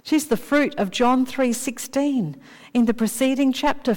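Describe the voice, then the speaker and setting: A woman preaching a sermon in a measured way, slowing down to dwell on key phrases. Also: high-pitched, a little mellow. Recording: long reverb of a large hall.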